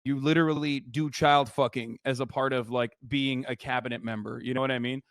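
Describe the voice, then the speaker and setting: A man's voice: medium pitch, fairly even intonation, a little fast, dry recording, studio quality. A man streaming his reaction to a video, ranting animatedly and sarcastically with lots of swearing. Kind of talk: casual profane commentary.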